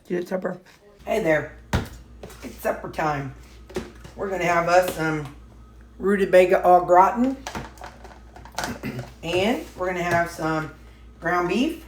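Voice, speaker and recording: A woman's voice: lowish voice, slow pace, long pauses, a little hiss or hum. A woman vlogging casually from her home kitchen, rambling along with plenty of fillers and restarts. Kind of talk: casual chatty diet vlog. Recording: echoey kitchen with dish clatter.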